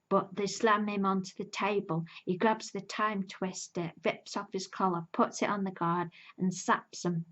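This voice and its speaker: A woman's voice: medium pitch, breathy edge, muffled recording. Chatty woman recapping a show. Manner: chatty, enthusiastic retelling with fillers and quoted lines. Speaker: TV reviewer. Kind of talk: casual spoken recap.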